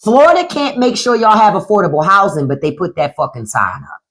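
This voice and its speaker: A woman's voice: mid-range voice, sing-song, a little fast. Blunt, profane woman livestream host. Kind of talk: casual livestream chat.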